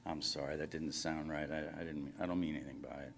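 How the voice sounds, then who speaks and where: A man's voice: extremely low pitch, fairly even intonation, fast talker, creaky, a little hiss or hum. A man reading fiction aloud, voicing a lonely middle-aged man who rambles and apologizes on a phone call. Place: conference reading room.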